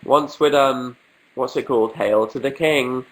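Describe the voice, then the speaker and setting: A man's voice: medium pitch, measured pace, low-quality recording. A young man from England with a cold, sniffling as he hosts a casual livestream, answering viewer questions in a dry, self-mocking way.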